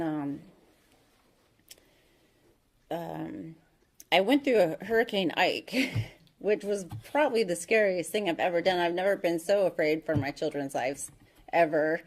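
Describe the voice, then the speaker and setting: A woman in her thirties with a fairly low voice tells her own recovery story to a meeting. Her talk is frank and halting, with many ums and restarted sentences. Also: a little mellow. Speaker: AA meeting speaker.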